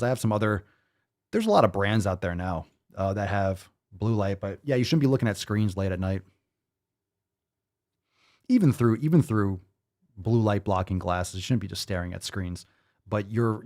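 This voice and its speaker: A man hosting a live fitness Q&A stream, talking in a profane, ranting and energetic way. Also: fairly low pitch, moderate pace. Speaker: fitness show host.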